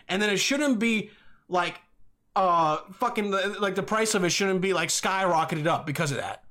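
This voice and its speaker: A young man hosting a solo podcast, rambling and swearing, with bursts of yelling. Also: sits high, expressive, moderate pace. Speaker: podcast host.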